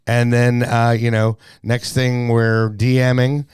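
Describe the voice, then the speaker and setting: A man's voice: mid-range voice, monotone, a little slow, hardly any pauses, darkish tone, clear, resonant tone, no room sound, studio quality. A man hosting a casual podcast chat, rambling and laughing easily with lots of fillers. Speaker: podcast host. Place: studio.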